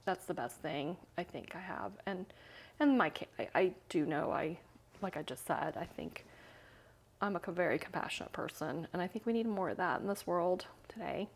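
A woman's voice: lowish voice, moderate pace, creaky. A woman guest talking candidly in a conversation, chatty and prone to restarts and easy laughter.

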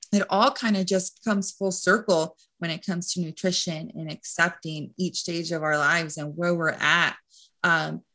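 A woman coach chatting as a podcast guest, her voice bright and forward and sitting on the lower side of her range. She rambles warmly through her points, leaning on "like" and "you know". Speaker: nutrition and mindset coach, guest. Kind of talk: casual podcast chat.

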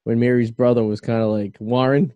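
A man's voice: medium pitch, fairly even intonation, brisk, dark tone, no room sound, lo-fi sound. A man hosting a radio talk show in casual chat, rambling loosely with lots of fillers and restarts.

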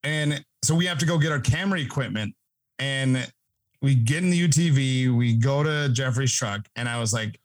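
A man's voice: mid-range voice, moderate pace, dry recording. A man co-hosting a podcast, telling a prank story in casual chat and acting out what others said. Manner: animated, acts out quotes of others. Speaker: podcast co-host.

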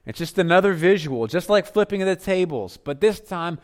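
A man preaching a sermon as pastor, earnest, dropping to softer tones for emphasis. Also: high-pitched, lively intonation, moderate pace.

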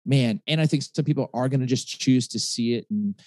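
A man's voice: medium pitch, brisk, darkish tone, dry recording. A man in his forties, a pastor and author, telling a personal story in a conversational interview, with many restarts and fillers. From Michigan.

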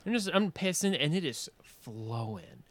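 A man guesting on a podcast, telling a story in a casual, animated way, swearing freely and laughing as he goes. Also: fairly high pitch, a little slow, no room sound. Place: podcast studio.

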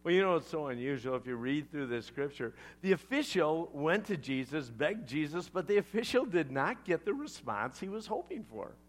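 A male pastor preaching a sermon, retelling a scripture story with animated asides to the congregation. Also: a little high, normal speed, hardly any pauses.

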